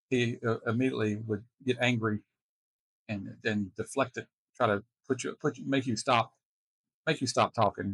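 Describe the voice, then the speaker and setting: Man telling stories in halting speech. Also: mid-range voice, a bit bright, husky, no echo. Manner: halting, restarts often, chuckles wryly. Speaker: host reacting to a video. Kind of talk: casual personal storytelling.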